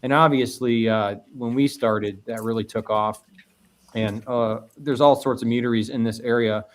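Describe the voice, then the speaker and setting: A man from Northwest Indiana, the owner of a meadery, is a guest on a podcast and talks casually. His voice is medium in pitch with a steady tone and a moderate pace. He rambles, often repeating words and starting sentences over.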